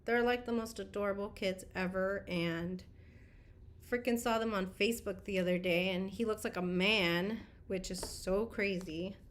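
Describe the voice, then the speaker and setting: A woman's voice: mid-range voice, fairly even intonation, moderate pace. A woman in her thirties, a beauty vlogger chatting casually on a livestream, greeting viewers and laughing often.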